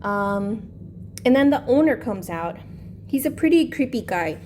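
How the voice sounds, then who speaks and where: Unhurried and with lively intonation, the savings channel host speaks in a high, slightly mellow voice, a faint hiss or hum behind her. She meanders through a movie's plot informally, leaning heavily on "like" and "um."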